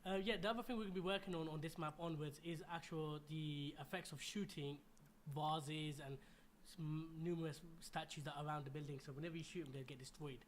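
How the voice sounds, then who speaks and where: A man co-hosting a stream, running through planned game features in a brisk, matter-of-fact way. He talks fast in a slightly high voice, with faint background noise. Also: fairly even intonation. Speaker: game developer co-host. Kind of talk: casual live-stream chat.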